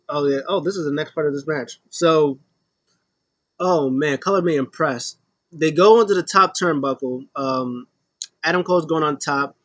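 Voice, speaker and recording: An excitable man talks through a wrestling match blow by blow, casual and animated. His voice sits a little high for a man and sounds dry and close to the mic, with no room around it. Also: dry recording. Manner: excitable, acts out wrestlers' lines in raised voices. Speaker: wrestling show reviewer. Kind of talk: casual play-by-play recap.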